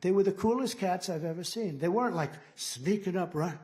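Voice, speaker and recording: An American man in his seventies, a political candidate, gives a rambling, boastful rally speech at a podium mic in a large indoor hall, tossing in mocking asides. His voice is high and darkish in tone, and he talks a little fast.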